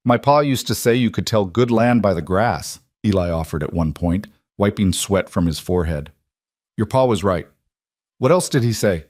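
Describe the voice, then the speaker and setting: Male narrator for a western story read, lowish pitch, dry close sound, steady measured delivery. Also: no echo.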